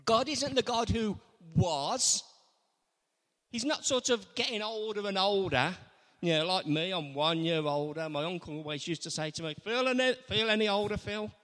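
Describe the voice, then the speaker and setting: A man preaching a sermon, animated, acting out quoted lines in different voices. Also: high voice, moderate pace. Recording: long hall reverb.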